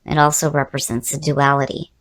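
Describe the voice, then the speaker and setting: A woman with a low, hoarse voice, worn down as she loses it, talks through a casual tarot reading. She muses aloud, often repeating a word twice. She addresses the listener directly and personally. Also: flat delivery, fairly quick, fairly bright tone. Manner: musing, repeats key words, talks straight to the viewer. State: hoarse, losing her voice. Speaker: tarot reader.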